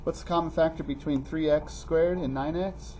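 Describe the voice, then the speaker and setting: A man teaching a math review lesson in a classroom, playfully teasing students and calling them by name. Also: normal speed. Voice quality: animated, pitch jumping high when teasing students. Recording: faint classroom noise.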